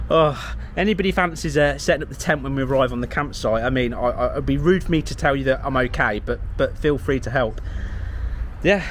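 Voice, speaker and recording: A man's voice: mid-range voice, normal speed, a bit bright, a little hiss or hum. A man making a comic vlog at a campsite outdoors, wry and sarcastic, joking at his own expense. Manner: wry and sarcastic, laughs at himself. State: a bit out of breath. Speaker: vlogger. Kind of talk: self-deprecating comic vlog.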